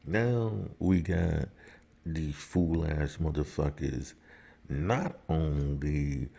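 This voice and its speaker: Man, very deep voice, slow deliberate delivery, emphatic rhetorical monologue. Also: creaky, warm tone, slightly rough. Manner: rises to heated outbursts. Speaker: commentator. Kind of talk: opinion monologue.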